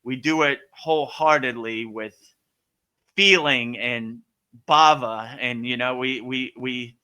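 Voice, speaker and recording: A man's voice: medium pitch, takes it slowly, bright, forceful tone, clean tone. A man who teaches yoga, speaking in a loose, rambling and earnest way, answering a question in a casual spiritual talk. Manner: loose, rambling, full of "you know" and "like"; earnest and emphatic.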